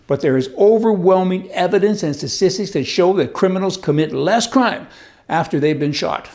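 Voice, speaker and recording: A man's voice: sits high, animated, normal speed, darkish tone. A man hosting a show of opinionated political commentary, folksy and sarcastic, full of wisecracks and rhetorical questions. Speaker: host.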